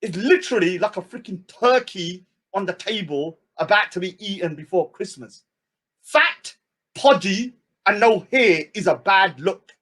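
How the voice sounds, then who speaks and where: A man hosting a live stream, ranting and mocking, swinging between shouts and low mutters. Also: expressive, measured pace.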